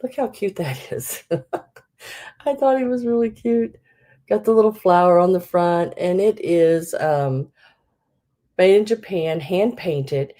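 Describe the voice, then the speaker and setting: A woman's voice: fairly low pitch, measured pace, pauses often, dark tone. A middle-aged woman hosting a live vintage sale, chatting casually with many fillers and laughing at herself. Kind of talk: casual live-stream selling.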